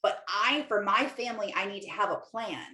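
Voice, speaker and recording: A woman's voice: mid-range voice, normal speed, bright, forceful tone. Chatty woman coach in an echoey room. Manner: candid, chatty, full of "like" fillers. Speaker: Christian life coach and podcast host. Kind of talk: casual podcast monologue.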